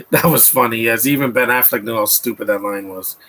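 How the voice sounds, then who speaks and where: Bright-voiced man mocking a film. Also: medium pitch, a little hiss or hum. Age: 30s. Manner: rambling, mocking asides with frequent restarts. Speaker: film commentator. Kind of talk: live movie commentary.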